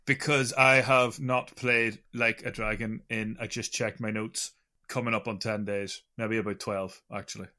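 A man from England co-hosting a podcast, stumbling over his words in a self-deprecating way. His voice is bright and forceful. He talks in casual banter with a friend. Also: on the low side, flat delivery, moderate pace. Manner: hesitant, self-deprecating, stammering restarts. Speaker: podcast co-host.

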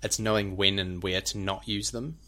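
A man with a New Zealand accent explains things casually, like a teacher on a podcast, and demonstrates speech sounds. His voice is low and bright with a forceful tone, fairly even intonation, and a moderate pace.

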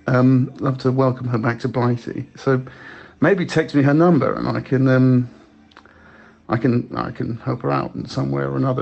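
A man leaving rambling, halting voicemail messages for a friend, with many restarts. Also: medium pitch, creaky, a little mellow, dull audio. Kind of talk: improvised comedy voicemails.

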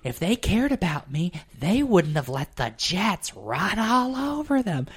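Man doing a high-pitched complaining mom, a martyr griping about her team. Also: sing-song, a little slow, husky, full character voice. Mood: grumbling. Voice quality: whiny, self-pitying. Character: grumbling middle-aged mother, sports fan, martyr-ish.

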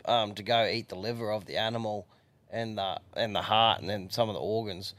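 A man, co-hosting a podcast in relaxed, hesitant chat. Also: fairly low pitch, a little fast, no room sound. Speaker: podcast co-host. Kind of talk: casual chat.

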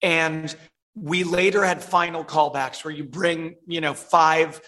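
A man, a film director, telling animated stories as an interview guest and acting out the voices of others. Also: fairly high pitch, takes it slowly. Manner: animated storyteller, reenacts voices.

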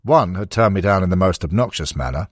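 Reflective football manager, read by a male narrator; soft, low, husky. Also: expressive, brisk, dry recording, clean studio sound. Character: football manager recalling two rejections.

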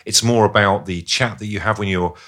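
Upbeat podcast host, lowish voice. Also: male voice, steady tone, brisk, fairly bright tone. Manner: upbeat, peacemaking, asks many questions. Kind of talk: casual chat.

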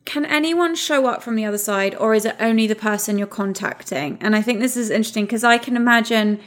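Reflective woman co-host, halting speech. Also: fairly high pitch. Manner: halting, reflective, many fillers. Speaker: podcast co-host. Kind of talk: casual chat.

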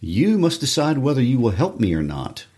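A man's voice: medium pitch, huge pitch swings, moderate pace, warm tone, husky. A man reading the part of a brave, headstrong young woman, speaking firmly and with determination in a classroom play reading. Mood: resolute. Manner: firm, determined read-aloud.

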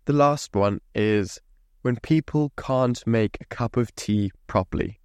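A man's voice: mid-range voice, unhurried, darkish tone, clear, resonant tone, dry recording, studio quality. A young man hosting a podcast, ranting in a sweary, mock-indignant way. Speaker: podcast host. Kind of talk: solo podcast rant.

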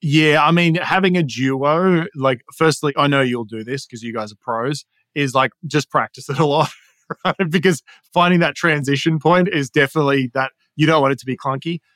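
An Australian storytelling and sales coach with a fairly high voice talks energetically at normal speed during a podcast interview. He laughs often while explaining and puts on voices for quotes, with no room sound.

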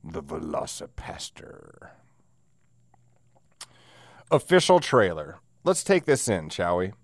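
Man, podcast host, low voice, wheezy and stuffy, sardonic, rambling, laughs a lot, dry close mic. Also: big pitch swings, normal speed, no room sound. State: wheezy, stuffy from a sinus cold. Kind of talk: casual solo podcast rant.

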